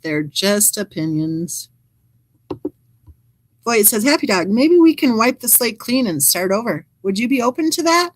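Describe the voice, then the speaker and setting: Woman host reading out live chat, kinda high voice, dry close sound, wry little comments in between. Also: dry recording, poor audio. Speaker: true crime channel host.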